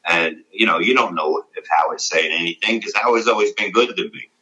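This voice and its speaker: A middle-aged comedian, telling stories in a casual interview, blunt and profane and rambling with many "you know"s. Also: male voice, deep voice, brisk, sharp tone, muffled recording. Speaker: comedian guest.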